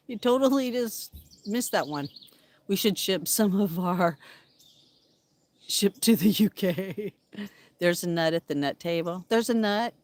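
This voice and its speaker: A woman with a lowish, rugged voice chats casually with viewers from her backyard. She drifts between loose talk and playful singsong calls to the birds and chipmunks. Crickets chirp faintly behind her outdoors. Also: expressive, a little slow, long pauses, a little mellow. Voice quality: low, rugged voice. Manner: chatty, talks to backyard animals in a playful singsong. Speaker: vlogger. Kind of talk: casual live chat with viewers.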